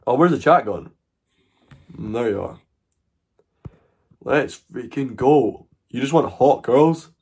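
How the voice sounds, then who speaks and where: A man's voice: mid-range voice, animated, slow pace, pauses often, slightly rough. A man with a Scottish accent hosting a live stream, bantering crudely with strangers and swearing freely. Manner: crude, swears freely, loud mocking outbursts.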